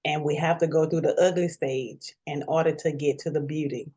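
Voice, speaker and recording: A woman's voice: sits low, fairly even intonation, moderate pace, warm tone, husky. A middle-aged woman being interviewed, heartfelt and close to tears with gratitude. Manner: tearful, grateful, heartfelt. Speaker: interview guest. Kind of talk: emotional interview.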